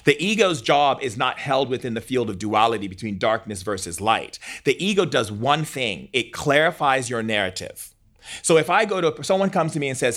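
An earnest man speaks in an interview with a mid-range voice. He is animated, peppers his talk with "like", and slips into acted-out dialogue as he explains. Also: medium pitch, fast talker. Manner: animated, earnest, uses "like" a lot, acts out dialogue. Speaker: guest speaking on spirituality. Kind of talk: interview conversation.

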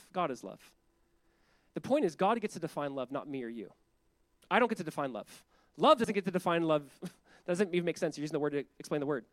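A man preaching a sermon as pastor, animated and conversational, leaning on emphatic repetition and laughing often as he talks. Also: on the high side, dry recording. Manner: laughs often while speaking.

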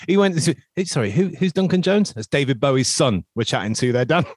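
A man's voice: fairly high pitch, animated, fast talker, a little mellow, no echo, studio quality. A man hosting a casual podcast, chatting in a jokey, self-mocking way as he introduces his guests. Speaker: podcast host.

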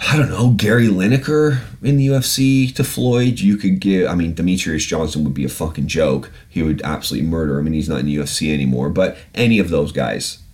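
A man's voice: deep voice, a little fast, hardly any pauses. A man hosting a podcast, ranting bluntly and swearing often, with plenty of ums and restarts. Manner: blunt, sweary, animated ranting with frequent fillers. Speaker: podcast host. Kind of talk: casual solo podcast rant.

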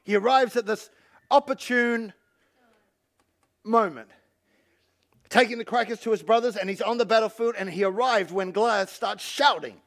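A male pastor giving an animated sermon and calling on the congregation to respond. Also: high-pitched, normal speed, long pauses. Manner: animated preaching, calls on the congregation.

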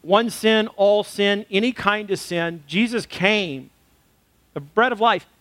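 High-voiced pastor telling a story. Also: male voice, slow, fairly bright tone, dry recording. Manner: storytelling, earnest and conversational. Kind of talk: sermon with personal story.

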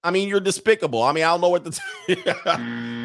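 A man's voice: on the high side, lively intonation, fairly quick, fairly bright tone, slight background noise. A man hosting a live show, riffing in a mocking, profane comic monologue, laughing often and reading out viewer comments. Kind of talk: casual comedic monologue.

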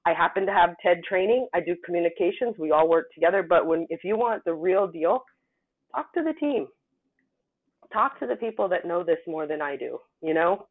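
A woman's voice: on the low side, normal speed. Emphatic woman on a tinny phone-like line. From United States. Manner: animated, emphatic storytelling. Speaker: guest scientist. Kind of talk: casual interview talk.

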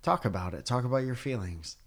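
A man's voice: medium pitch, lively intonation, fast talker. A man in his thirties, a podcast co-host, chatting casually and joking playfully. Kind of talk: casual chat.

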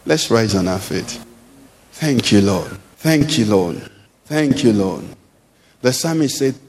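A man's voice: a little high, big pitch swings, a little slow, darkish tone, in a large hall. A male pastor preaching a sermon to his congregation, emphatic, throwing questions out for the crowd to answer. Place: church hall.

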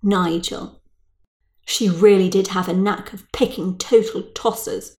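A self-pitying, snobbish middle-aged mother from a spoken storybook, as a woman puts her on. She whines and grumbles in a plaintive voice that climbs high. Her complaints are delivered in a middle pitch that often peaks upward. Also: steady tone, measured pace, darkish tone, lightly acted. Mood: complaining.

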